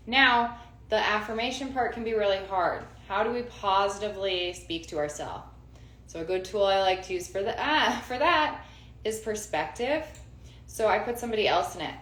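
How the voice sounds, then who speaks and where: A woman in her forties offers casual self-help advice, emphatic, repeating key phrases and checking that listeners agree. Her mid-range voice is a bit bright at a moderate pace, and the recording sounds roomy with faint noise.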